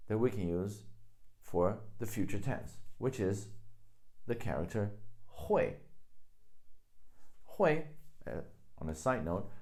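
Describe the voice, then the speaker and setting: Slow, deep-voiced male language teacher. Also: darkish tone. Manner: slow, patient, repeats example sentences. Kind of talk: explaining grammar with examples.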